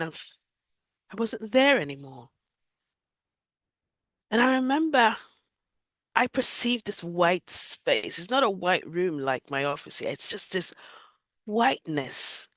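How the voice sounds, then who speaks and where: Expressive woman telling her story. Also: mid-range voice, moderate pace, no echo. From Jamaica. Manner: vivid, emotional retelling. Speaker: guest sharing a near-death experience. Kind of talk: personal storytelling in an interview.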